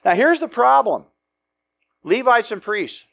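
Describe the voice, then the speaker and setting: Man, Bible teacher, high voice, lively storytelling with jokes. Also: measured pace, gravelly. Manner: animated storytelling with acted-out quotes and joking asides.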